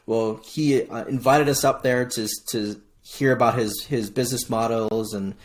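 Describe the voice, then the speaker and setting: A middle-aged man from Hawaii, a podcast guest telling his story in casual, lively chat, often restarting phrases. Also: mid-range voice, normal speed. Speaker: podcast guest, military veteran.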